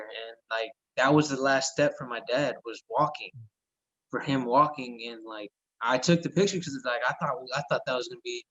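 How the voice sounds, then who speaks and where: A male guest in an interview, speaking softly and hesitantly with many fillers. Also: medium pitch, moderate pace, muffled recording. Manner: soft, hesitant, lots of fillers. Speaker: guest fighter. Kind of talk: casual interview talk.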